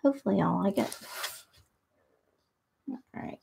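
A woman's voice: medium pitch, animated, measured pace, gravelly, warm tone, slight background noise. A middle-aged woman hosting a live painting tutorial, chatting and thinking aloud as she works. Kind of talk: live painting demo with casual chat.

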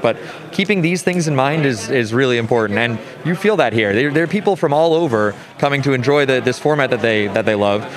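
A man who judges card games, answering interview questions thoughtfully and with enthusiasm. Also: mid-range voice. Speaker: tournament judge.

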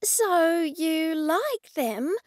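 A woman voicing a nervous, eccentric female artist who blurts out her lines high and loud. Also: lively intonation, slow pace, creaky, no room sound, clean studio sound, heavily acted. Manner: high, loud, jittery outbursts.

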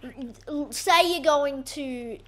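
A young woman giving excitable, self-mocking commentary over her own gameplay. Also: high voice, slow, slight background noise. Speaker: gaming YouTuber.

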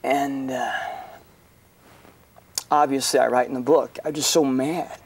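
A middle-aged man, a pastor and guest, telling an emotional personal story in an earnest, halting way with many restarts. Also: mid-range voice, steady tone, slightly rough, recorded from a distance.

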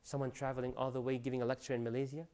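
A man giving an animated religious lecture, preaching with loud rising emphasis and Arabic phrases mixed in. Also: medium pitch, racing. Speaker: Islamic lecturer.

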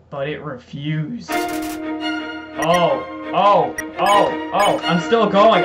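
A man narrating his own gameplay in a high voice, bursting into exclamations and reading game text aloud. He talks at an unhurried pace, and loud game music plays behind him. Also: expressive. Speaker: let's play gamer. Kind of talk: gameplay commentary.

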